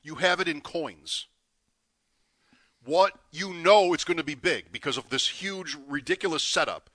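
Guy on a sports radio show, kinda high voice, builds up suspense, casual chat. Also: a little slow, pushed and bright, dry recording. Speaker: co-host.

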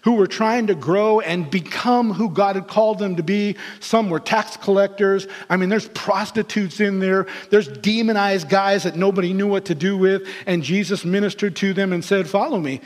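A man's voice: high voice, normal speed, few pauses, in a large hall. A man preaching a sermon in a church sanctuary, telling stories animatedly and acting out the people he quotes. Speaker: pastor.

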